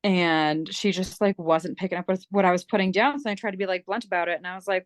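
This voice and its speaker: A woman's voice: fairly low pitch, steady tone, fast, few pauses, no echo. Woman, candid storyteller, swears, plays both voices, dry close recording. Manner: candid, swears, acts out both sides of the conversation. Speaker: team member sharing a story. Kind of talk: casual storytelling.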